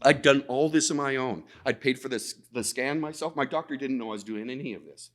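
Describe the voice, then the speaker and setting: Animated man telling a story at a conference. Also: mid-range voice, brisk. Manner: animated, repeats words, acts out quoted dialogue. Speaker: conference speaker. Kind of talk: storytelling presentation. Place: conference talk.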